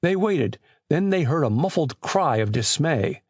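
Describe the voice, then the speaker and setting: A man narrating an audiobook with expressive, scripted storytelling on a close mic. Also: on the high side, measured pace, breathy edge, no room sound.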